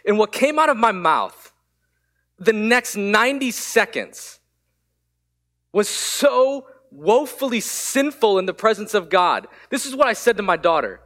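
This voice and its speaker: A man pastor giving a sermon, telling a candid story with quick asides. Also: high voice, lively intonation, creaky, pushed and bright.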